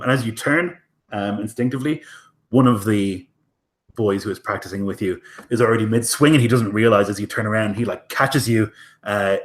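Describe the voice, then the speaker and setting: A man runs a tabletop role-playing game with a slightly low voice. He narrates casually, with many ums and likes and the odd swear word. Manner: casual, many fillers, profane. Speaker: game master.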